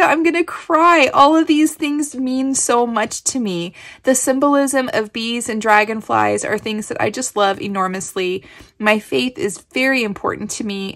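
With a slightly high, somewhat bright voice, a Kansas crafting vlogger opens a gift package on camera. She gushes, thanking effusively and letting out breathy exclamations throughout this casual show-and-tell.

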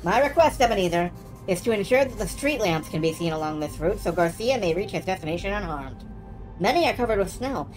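A woman voicing a grave, mysterious ghost in a video game, reading slowly. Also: mid-range voice, expressive, faint music behind, voice pushed down, close to an everyday voice. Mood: solemn. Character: solemn mysterious ghost, all-knowing.

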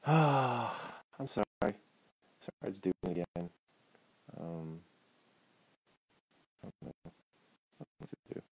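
A man's voice: deep voice, lively intonation, a little slow, long pauses, dark tone, no echo. A man hosting a casual late-night livestream from a phone at home, rambling with laughs and apologies. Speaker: livestream host.

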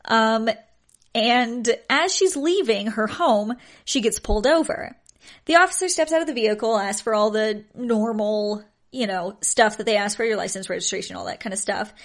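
A young woman hosts a podcast and tells odd stories in a relaxed, chatty way. Her voice sits a little high, and she keeps breaking into amused disbelief and laughter. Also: moderate pace. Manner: incredulous, often laughing at the stories. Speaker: podcast host. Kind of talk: casual storytelling chat.

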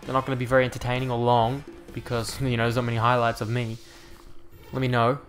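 A young man giving live commentary over his own basketball video game, exasperated and swearing, swinging between loud outbursts and low muttering. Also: little pitch movement, fast, soft background music. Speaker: gaming commentator.

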